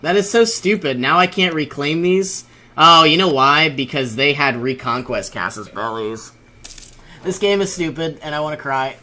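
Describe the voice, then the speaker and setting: A man's voice: fairly high pitch, bright, forceful tone. A young man giving casual commentary over his own strategy game, thinking aloud, often exasperated and laughing. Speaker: let's play host.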